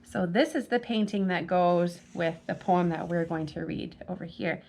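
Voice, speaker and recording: A woman's voice: on the low side, moderate pace, darkish tone. A woman hosting a children's storytime at a library, reading poems and chatting with young kids, asking them questions as she goes. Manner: chatty, addressing kids directly with frequent questions. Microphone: camera mic.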